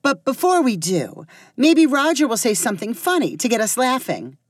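A woman voicing an eager hostess who smooths over awkward moments and loves gossip. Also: on the high side, big pitch swings, moderate pace, no room sound, clean studio sound, voice pushed up. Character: fussy hostess woman, nosy and peacemaking.

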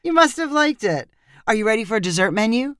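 A woman voicing a polite male restaurant waiter who speaks quickly. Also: a little high, big pitch swings, a bit bright, clean tone, no echo, clean studio sound, voice pushed up.

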